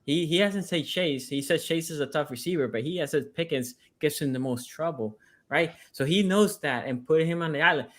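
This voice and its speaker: Emphatic man arguing football, voice pitched a bit high. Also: moderate pace. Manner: emphatic, repeats points for stress. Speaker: sports podcast panelist, team fan. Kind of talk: casual sports debate.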